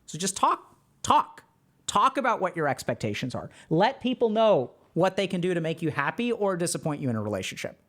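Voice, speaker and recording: A man's voice: sits high, sing-song, fairly quick, a bit bright. A man talking casually to a live chat, giving emphatic advice with lots of filler words and short acted-out quotes. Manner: emphatic, many "like" fillers, acts out quoted people.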